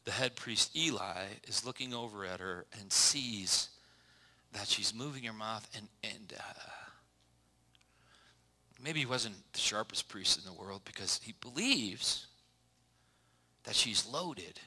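A man's voice: lowish voice, lively intonation, unhurried, long pauses, bright, forceful tone. A man preaching a casual sermon, folksy and joking, reading Bible passages with small slips and restarts. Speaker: pastor.

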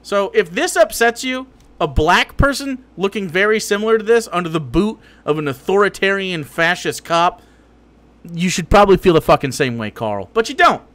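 Man, high voice, lively pitch, sarcastic, profane, heated reaction commentary. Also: moderate pace. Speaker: streamer commenting on political videos.

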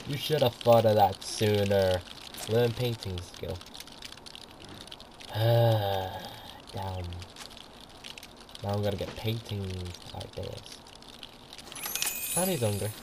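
A man's voice: fairly low pitch, steady tone, takes it slowly, pauses often, background noise. Chatty young man narrating gameplay. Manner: chatty, rambling, laughs often. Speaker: gameplay commentator. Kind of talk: casual let's-play commentary. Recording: quiet home mic with music behind.

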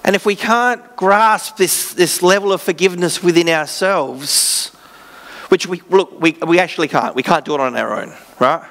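An Australian pastor delivers a sermon with a fairly high voice. His preaching is earnest yet conversational, and he mixes in self-deprecating asides. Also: normal speed, fairly bright tone.

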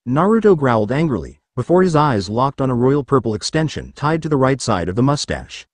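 A man reading a fan fiction story aloud as narrator, animated storytelling. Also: medium pitch, fairly quick, dry recording.

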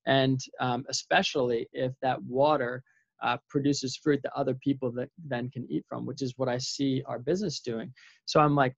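A man with a gravelly, mid-pitched voice talks through his thoughts in an earnest, meandering way, circling back and restarting often. The recording is dry and close, with a slightly muffled tone. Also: brisk, no echo. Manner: earnest, rambling, with many restarts and fillers. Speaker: vlogger sharing faith reflections. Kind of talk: casual spoken reflection.

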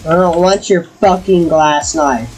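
A woman's voice: on the low side, unhurried, background noise. A woman chatting casually while gaming, swearing a lot and scolding her cat in exasperated bursts. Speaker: gamer streaming with friends.

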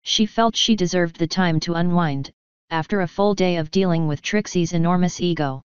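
A woman narrating a fanfiction story in a steady, even reading. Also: lowish voice, moderate pace, clean tone, no echo. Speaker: fanfiction reader. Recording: dull lo-fi dry recording.

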